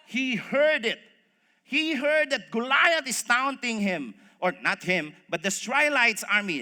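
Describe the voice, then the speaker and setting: Pastor preaching, bright ringing voice, big echoey church, acts out the story. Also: male voice, sits high. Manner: animated storytelling, acting out voices, addresses congregation as folks. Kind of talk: sermon. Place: church hall. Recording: long reverb of a church hall.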